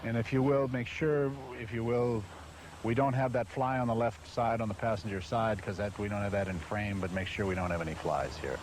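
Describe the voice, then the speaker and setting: A frustrated announcer swearing nonstop and barking at the crew during a commercial recording session. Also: male voice, on the low side, steady tone, a little fast, noisy background. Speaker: voice-over announcer. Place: recording set with hot lights and a car.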